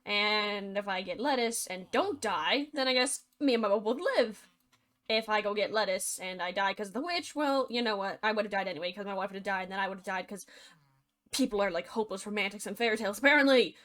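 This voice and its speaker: A woman's voice: medium pitch, brisk, fairly bright tone. A young woman retelling a fairy tale as a comedy, chatty and full of sarcastic asides. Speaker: storyteller.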